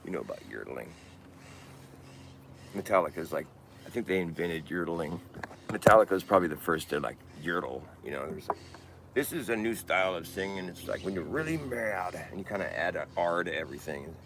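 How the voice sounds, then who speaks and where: A man with a very low, gravelly voice rambles through a casual monologue. He keeps stopping and restarting his sentences and laughs at his own points. A faint hiss sits under the recording. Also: expressive, fairly quick. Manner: rambling, self-correcting, laughs at himself.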